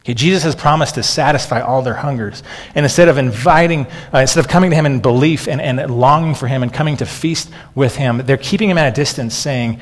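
A man's voice: mid-range voice, quick pace, big-room sound. A man in his thirties preaching a sermon as a pastor, talking conversationally and often restarting with "okay.".

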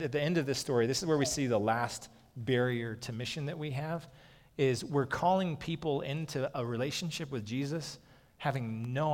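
Man, pastor, conversational sermon, middle pitch, long hall reverb. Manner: conversational, frequently saying "okay".

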